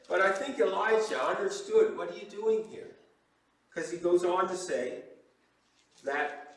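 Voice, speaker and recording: A man preaching a sermon as pastor, telling the story with lively acted-out voices for the people in it. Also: high-pitched, unhurried, very echoey, far from the mic, low-quality recording. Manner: animated storytelling, acting out quoted voices. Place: church sanctuary.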